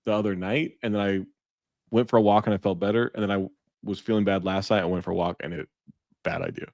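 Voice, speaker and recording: A man's voice: fairly low pitch, expressive, fast, gravelly, darkish tone, no room sound, clean studio sound. A man with a sore throat, co-hosting a podcast in casual, rambling chat and swearing freely. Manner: loose, rambling, swears often. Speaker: podcast co-host.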